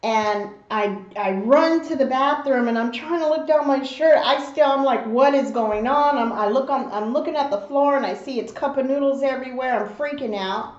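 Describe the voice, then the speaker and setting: Mom telling a story while she eats, does all the voices, kinda high voice, echoey room. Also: moderate pace, few pauses. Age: adult mother. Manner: animated storyteller who acts out the voices in her story. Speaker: mukbang host. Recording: roomy, slightly dull home recording.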